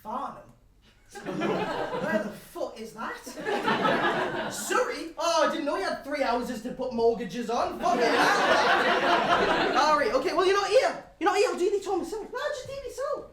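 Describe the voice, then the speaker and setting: A man's voice: very high-pitched, lively intonation, slow pace, very noisy, heavily acted. A young man with a Geordie accent acting a brash, crude pub regular in a one-man live stage show, rambling and swearing as he banters cheekily with the audience. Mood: annoyed. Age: young adult. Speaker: stage actor. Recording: roomy stage sound from far off with audience. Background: audience laughing.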